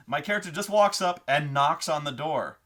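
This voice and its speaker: A man hosting a casual monologue on tabletop role-playing, rambling and profane, slipping into quick character voices as he explains. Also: a little high, expressive, a bit bright. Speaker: host of a tabletop gaming advice show.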